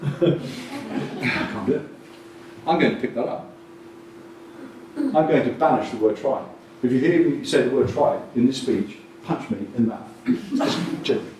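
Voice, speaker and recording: A man giving a jokey, animated talk at a coaching conference and acting out quotes in different voices. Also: medium pitch, moderate pace, noisy background. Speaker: conference speaker. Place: conference hall with audience. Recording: distant mic in an echoey hall.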